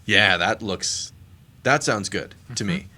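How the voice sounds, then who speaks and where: A man's voice: on the low side, animated, takes it slowly, sharp tone. A man co-hosting a casual beer podcast, laughing often and talking with many fillers and restarts. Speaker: podcast co-host. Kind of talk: casual chat.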